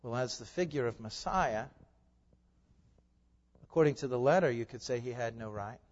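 A male pastor preaching a sermon in a conversational way, asking the congregation questions and swinging between loud emphasis and quiet asides. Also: medium pitch, normal speed. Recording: long reverb, dull lo-fi sound.

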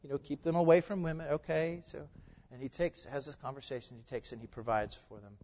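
A male pastor preaching a sermon in a conversational way, asking the congregation questions and swinging between loud emphasis and quiet asides. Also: medium pitch, fairly even intonation, fast. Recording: long reverb, dull lo-fi sound.

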